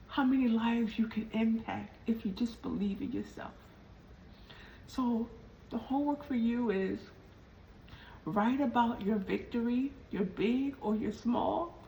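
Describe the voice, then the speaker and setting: A woman hosting a motivational podcast, telling a personal story and slowly repeating her questions for emphasis. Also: fairly high pitch, vocal fry, warm tone. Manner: slow, emphatic repetition of questions. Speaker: podcast host. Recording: distant mic with faint background noise.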